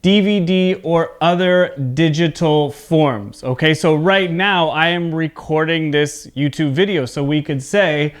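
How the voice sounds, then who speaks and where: Slow, clear-spoken man teaching English. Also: fairly high pitch. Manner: carefully enunciated, repeats words for students. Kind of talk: slow, clear pronunciation lesson. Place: home recording for video.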